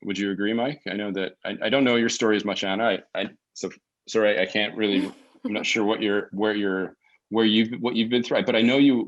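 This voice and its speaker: A man with a very low voice talks slowly through his ideas, circling back and restarting phrases as he reaches for the right words. His audio comes through a muffled, lo-fi call connection. The tone stays relaxed and conversational. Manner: reflective, searching for words with many restarts. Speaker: podcast guest. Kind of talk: casual conversational interview. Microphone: remote call mic.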